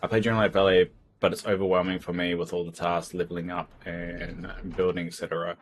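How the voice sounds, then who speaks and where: A man's voice: low voice, level tone, a little fast, slight background noise. A man chatting casually and frankly while streaming a game, rambling from thought to thought. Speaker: livestreamer. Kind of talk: casual gameplay chat.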